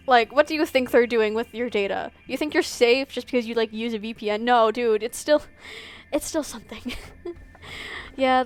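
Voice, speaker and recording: A young adult woman with a fairly high, clean-toned voice streams a game and chats casually about her gameplay. She rambles, filling her talk with lots of "like."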